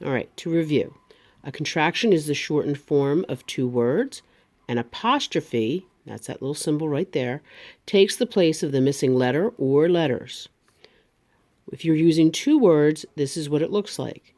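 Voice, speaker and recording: A woman teacher, giving a remote grammar lesson to young students and speaking slowly, over-enunciating each word. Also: deep voice, lively intonation, a little mellow.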